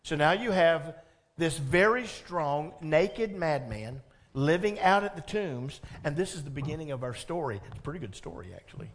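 A pastor preaching a sermon, telling the story with animated energy, asking the congregation questions and laughing along. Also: male voice, on the high side, moderate pace.

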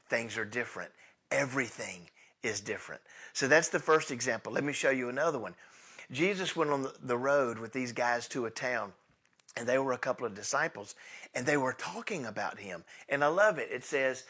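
A man preaching a sermon with a slightly higher voice. He tells the story with lively energy and briefly acts out the dialogue. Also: normal speed. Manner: animated storytelling, acting out the scripture dialogue. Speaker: pastor.

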